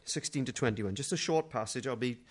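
A middle-aged man gives a sermon in a chatty, funny style, shifting from hushed asides to booming dramatic readings. His voice sits at a medium pitch and moves a little fast.

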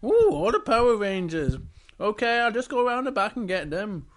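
A friendly shop lady chirps politely from behind the counter, as a father puts on her high voice. It is a bedtime storybook voice. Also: big pitch swings, moderate pace. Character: friendly female shopkeeper.

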